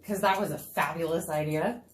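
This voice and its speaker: Her voice is low and moves at a normal speed as she paints live from a home room, not a studio. The woman keeps the chat with her viewers casual and bubbly, breaking into laughter often.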